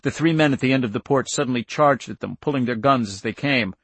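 A man reading a novel aloud as narrator, steady and measured with tense build. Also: medium pitch, husky, dry recording. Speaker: audiobook narrator. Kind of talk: scripted narration.

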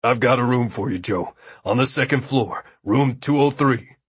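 A man's voice: mid-range voice, normal speed, breathy edge, no room sound. A man voicing a nervous, worried man fussing over a friend. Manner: anxious, hovering.

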